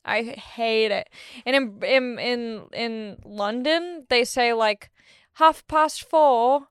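A woman's voice: on the high side, slow pace, a bit bright, smooth, no echo, studio quality. A young woman hosting her own podcast, talking in a rambling, jokey, self-deprecating monologue. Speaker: podcast host. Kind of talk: casual monologue.

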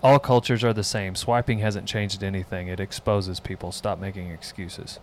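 A man with a fairly low voice reads listener questions aloud and fires back short, dry, joking advice. The talk is relaxed and casual, with a faint hum of room noise behind him. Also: moderate pace. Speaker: host reading out listener questions. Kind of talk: casual chat.

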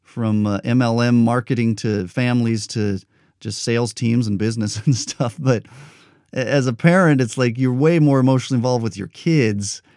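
A man hosting a podcast interview, thoughtful and a bit rambling, with soft laughs. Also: mid-range voice, normal speed, no echo, studio quality. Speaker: podcast host.

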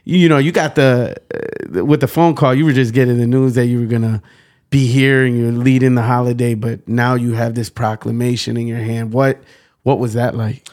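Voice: medium pitch, steady tone, moderate pace, a little mellow. An interviewer asking questions in a casual chat and backing the guest with short affirmations. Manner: supportive, many short affirmations.

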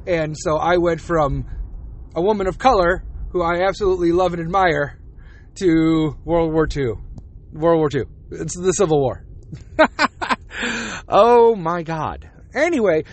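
A man's voice: sits high, expressive, a little slow, a bit bright, slight background noise. A man hosting a podcast, ranting in a casual, profane monologue and laughing between rants. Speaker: podcast host.

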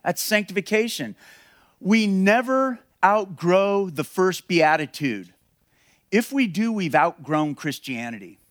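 An earnest male pastor preaches with emphasis, repeating phrases for weight. His voice sits a little high for a man. The sound is dry and close. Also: lively intonation, slow pace, no room sound. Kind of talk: sermon.

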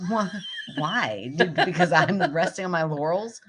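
A woman's voice: lowish voice, animated, unhurried, crowd noise. A woman co-hosting a podcast, reading a listener's email aloud with self-deprecating asides and frequent laughter. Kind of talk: casual chat, reading listener mail aloud.

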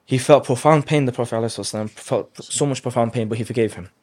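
Animated male religious storyteller, mid pitch. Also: racing. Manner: animated, emphatic retelling with Arabic phrases. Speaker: guest speaker.

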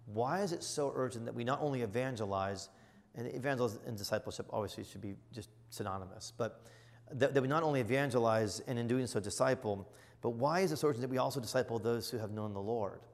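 A middle-aged man preaches with earnest, emphatic conviction, his voice sitting at an ordinary male pitch. His words ring out with a long reverb trailing behind them, as in a large church hall. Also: quick pace, creaky. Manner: earnest and emphatic, surging to loud exclamations. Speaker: bishop. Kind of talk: sermon-style teaching.

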